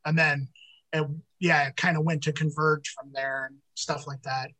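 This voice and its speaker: A man co-hosting a podcast in casual chat, animated and laughing often. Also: fairly high pitch, normal speed, low-quality recording. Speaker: podcast co-host.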